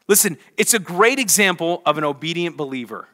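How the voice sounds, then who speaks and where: A young adult man preaching a lively sermon, telling a story with big energy and acting out the voices in quotes. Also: a little high, fairly quick. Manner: animated, acts out voices in quotes. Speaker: pastor.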